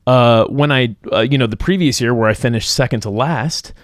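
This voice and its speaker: A man's voice: mid-range voice, normal speed, no echo, clean studio sound. A man hosting a podcast, chatting casually and reflecting on his own experience with many fillers. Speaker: podcast host. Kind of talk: casual conversation.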